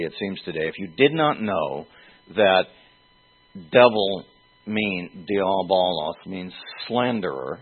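A man preaching an expository sermon, teaching slowly and deliberately with pauses and fillers. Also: deep voice. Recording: tinny phone-like sound.

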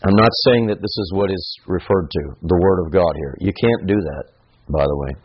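Husky low-voiced preacher, lo-fi. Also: male voice. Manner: conversational, musing aloud, shifting between quick asides and slow emphasis. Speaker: pastor. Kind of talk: sermon. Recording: dull lo-fi recording.

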